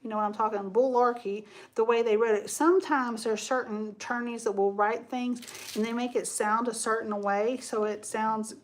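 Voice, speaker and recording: Chatty higher-voiced woman hosting a craft stream. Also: fairly even intonation, moderate pace. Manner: rambling and chatty, reads viewer comments aloud. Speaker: craft livestream host. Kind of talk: casual live-stream chat while crafting.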